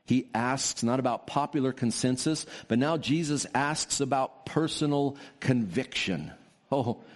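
A man preaching a sermon as pastor, stressing key words emphatically and slowing down on them. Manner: emphatic preaching with sweeping pitch swings and drawn-out stresses.

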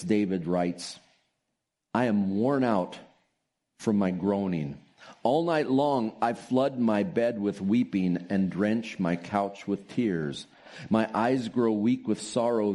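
A man preaching a sermon as pastor, telling stories with soft laughs and drawn-out emphasis. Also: fairly low pitch.

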